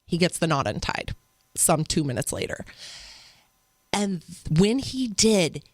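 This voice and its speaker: A woman guest on an interview show, a mother telling stories in an earnest, animated way. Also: fairly low pitch, slow pace, no echo. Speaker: podcast guest. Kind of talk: conversational interview storytelling.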